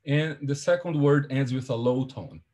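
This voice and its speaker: A man presenting a linguistics seminar over a video call, his pitch sitting in an ordinary middle register. He talks through each slide carefully and methodically, in a calm explanatory tone. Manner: explains slides step by step in measured academic tone.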